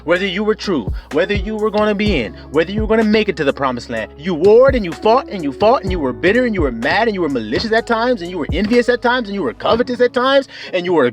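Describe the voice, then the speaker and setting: A man preaching a fervent sermon, calling out to his listeners with whoops and shouts. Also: high voice.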